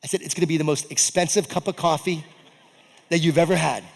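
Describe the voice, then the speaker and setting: A man's voice: on the high side, fast, gravelly. Man telling a story in a reverberant event hall. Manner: animated, acts out his own quoted lines. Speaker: keynote speaker. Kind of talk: motivational keynote storytelling.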